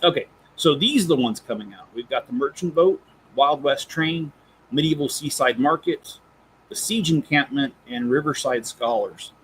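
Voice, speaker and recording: A man's voice: medium pitch, normal speed, a little hiss or hum, low-quality recording. A man hosting a Lego channel, chatting casually on a live stream, rambling and correcting himself as he goes. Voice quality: rambling, self-correcting, chuckles while reading.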